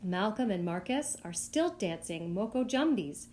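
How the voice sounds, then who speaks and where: Expressive woman reading a picture book. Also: measured pace, slight background noise. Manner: expressive, lifting high for the child's voice. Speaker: storytime reader.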